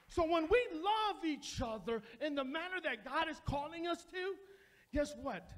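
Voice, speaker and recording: High-voiced male pastor preaching. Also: big pitch swings, unhurried, pauses often, a bit bright. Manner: repetitive preaching cadence; addresses the congregation directly. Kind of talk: sermon. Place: church sanctuary.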